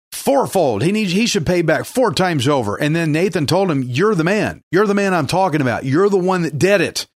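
A man's voice: mid-range voice, dry recording. Earnest male radio preacher, dry close sound. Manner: earnest, emphatic, acts out biblical quotes. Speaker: pastor. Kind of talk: radio Bible teaching sermon.

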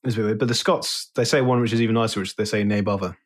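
British man, casual host, wry, halting with fillers. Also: mid-range voice, fairly even intonation, husky. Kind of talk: casual chat.

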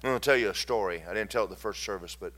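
A man preaching a sermon, swinging from loud declarations to hushed, tender storytelling. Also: fairly low pitch, very fast.

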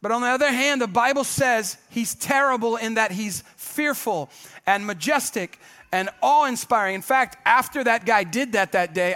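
A man preaching a sermon as pastor, lively and joking, calling out to the congregation. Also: high voice.

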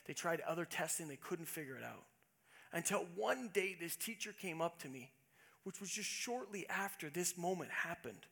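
A middle-aged man preaching a sermon built around a personal story, earnest, moving from hushed quiet passages to emphatic ones. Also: fairly high pitch, animated, moderate pace, vocal fry. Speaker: pastor.

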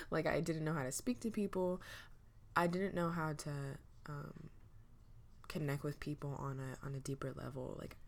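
Sleepy low-voiced young woman podcaster. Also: vocal fry. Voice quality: low, a little manly voice. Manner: hesitant and reflective, many fillers and restarts. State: sleepy, just woke up. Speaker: podcast host. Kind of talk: casual solo podcast monologue.

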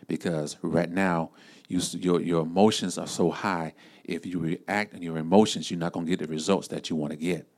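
A man with a very low voice gives an encouraging sermon. He speaks in a relaxed, conversational way, repeating phrases and filling pauses with "um" and "you know.".

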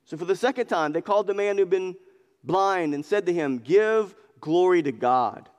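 An impassioned male preacher delivers an expository sermon, speaking emphatically and repeating phrases to drive points home. His voice sits high and moves fairly quickly and smoothly, with the long reverb of a large hall around it.

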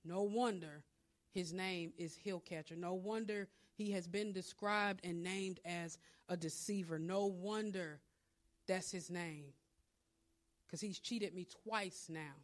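A woman's voice: lowish voice, slow. A woman preacher voicing the wronged brother Esau, bitter and complaining, in her own voice.

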